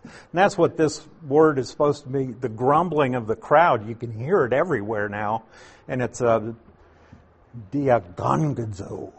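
A man's voice: mid-range voice, husky. A man preaching a conversational expository sermon, explaining Greek words with asides to the listeners. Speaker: pastor.

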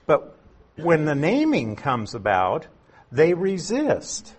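A man's voice: fairly high pitch, very animated, measured pace, breathy edge. A man teaching verse by verse through a Bible passage, explaining word meanings and asking rhetorical questions.

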